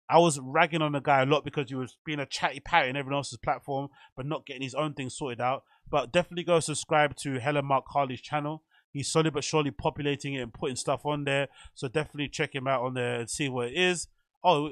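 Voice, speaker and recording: A man's voice: on the high side, a bit bright, dry recording, clean studio sound. A man hosting a commentary channel, chatting casually and rambling with fillers.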